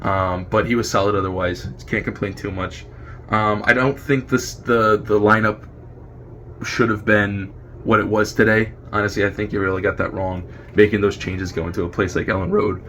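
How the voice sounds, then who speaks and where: A man from New Jersey with an American accent, giving a brisk, opinionated fan review recorded on video. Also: lowish voice, flat delivery, a bit bright, slight background noise. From New Jersey, USA. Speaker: fan contributor.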